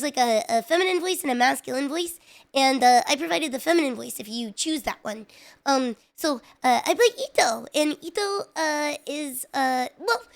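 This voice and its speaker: Woman, streamer, casual live-stream chat, high-pitched, excitable, talks to chat. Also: vocal fry.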